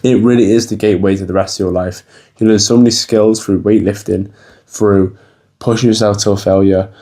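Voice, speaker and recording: This young fitness vlogger talks to the camera in a lowish, slightly mellow voice. His motivational advice is blunt and casual, full of swearing and constant use of "bro."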